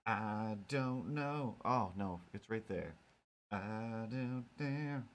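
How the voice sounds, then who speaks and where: Male stream host, easygoing and rambling, talks to himself with silly jokes, lowish and slow. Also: animated. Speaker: streamer drawing cat comics. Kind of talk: casual live-stream chat.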